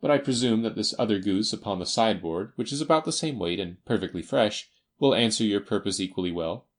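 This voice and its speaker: A man voicing a self-assured male detective, crisp and precise, in an audiobook reading. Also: fairly low pitch, lively intonation, brisk, close to an everyday voice. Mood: brisk.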